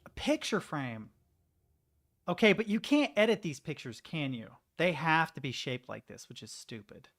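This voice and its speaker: A man's voice: fairly high pitch, sing-song, moderate pace, fairly bright tone. Chatty American man streaming a game. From United States. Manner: chatty, rambling, talks to chat. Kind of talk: casual gameplay commentary.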